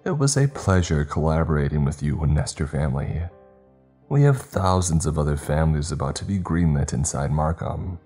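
Guy doing a scowling lady boss, clipped and cold, still super deep. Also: animated, moderate pace, warm tone, breathy edge, soft background music, heavily acted. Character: cold scowling woman official ending a program.

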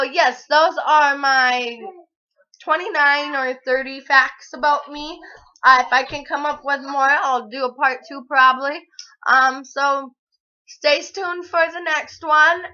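A woman's voice: high-pitched, bright, forceful tone. A young woman in her twenties chatting casually to the camera in a rambling, forgetful way, full of fillers. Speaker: vlogger. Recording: dull lo-fi home video sound.

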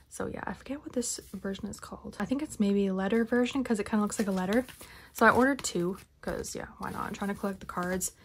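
A young woman vlogging a haul of collector albums, chatting casually and gushing like an excited fan with whispered asides. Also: medium pitch, slight background noise. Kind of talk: casual unboxing haul vlog.

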